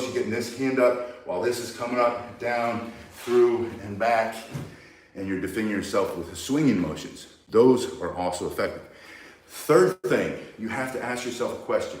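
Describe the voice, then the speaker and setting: A man with a voice on the low side demonstrates self-defense, walking through each move step by step in a blunt, emphatic way. The recording is very echoey, with the mic far from him and a little hiss or hum.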